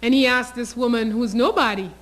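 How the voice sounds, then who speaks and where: A Haitian teacher in her 60s tells a story with passion and emphasis in a storytelling interview. Her voice is fairly high-pitched and fairly quick, and the audio quality is poor.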